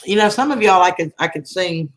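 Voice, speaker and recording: A woman with a drawl hosts a relaxed livestream, greeting her viewers one by one. Her voice sits a little low for a woman, and she stays chatty and affectionate, calling people sweetheart and hon. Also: brisk. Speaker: livestream host. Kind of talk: casual livestream chat with viewers.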